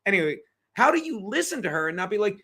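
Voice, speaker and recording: Bright-voiced, profane, rambling man. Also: high-pitched, sing-song, fast, a little hiss or hum. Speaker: podcast co-host. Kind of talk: casual political chat.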